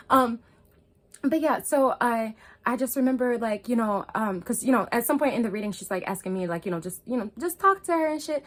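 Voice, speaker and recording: A woman talking to camera in a casual storytime vlog. She is loose and chatty, swears freely, fills her talk with "like" and "um", laughs often, and moves between hushed and excited. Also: medium pitch, brisk. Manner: loose, profane and chatty, full of "like" and "um". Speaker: spiritual vlogger.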